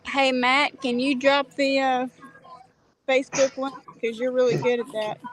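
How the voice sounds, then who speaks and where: A woman's voice: high-pitched, little pitch movement, unhurried, noisy background. A woman co-hosting a live stream, chiming in with helpful tips from a distance. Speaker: co-host. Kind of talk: casual live chat.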